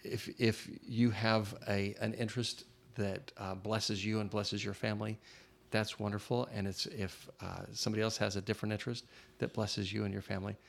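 A man hosting a relaxed interview, his voice low and full of gravelly fry. He talks thoughtfully and haltingly, pausing with fillers as he works out each idea. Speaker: podcast host interviewer. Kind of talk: casual conversational interview.

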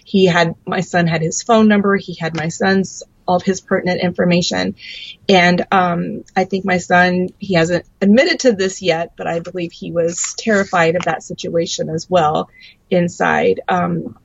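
A woman guest sharing her testimony as a mother, earnest and halting with many ums. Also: lowish voice, steady tone, vocal fry, slightly rough. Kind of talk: faith testimony in an interview. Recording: dry, dull lo-fi sound.

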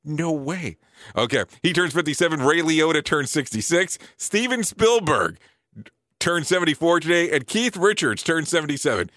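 A man around forty hosting a casual show, reading lists quickly and breaking in with surprised, joking asides. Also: a little high, animated, fairly bright tone, no echo, studio quality. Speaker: show host.

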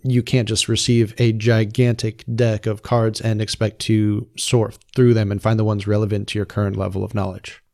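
A man hosting a podcast, speaking in even, measured conversation and addressing his listeners. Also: on the low side, no room sound, clean studio sound. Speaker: podcast host.

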